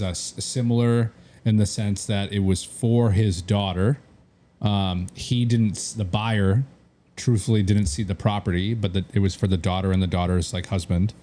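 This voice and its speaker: Low mellow-voiced man telling stories. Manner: rambling anecdotes acting out quoted dialogue, many fillers. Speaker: real estate agent and podcast co-host. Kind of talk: casual podcast storytelling.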